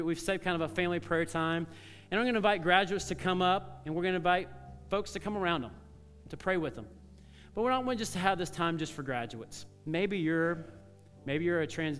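A male pastor preaching a sermon, telling stories in a conversational way and dropping to soft, earnest tones. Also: fairly high pitch, brisk, long reverb tail, soft background music. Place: church sanctuary.

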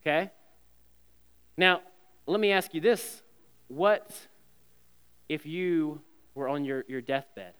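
A man's voice: a little high, takes it slowly, long pauses, a bit bright, smooth. A man in his thirties preaching an earnest sermon as a pastor, often stumbling over repeated words. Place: church sanctuary. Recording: long reverb of a church hall.

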